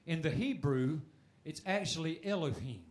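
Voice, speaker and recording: A man preaching a sermon, moving from shouted calls for praise to quieter, quicker teaching. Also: fairly high pitch, lively intonation.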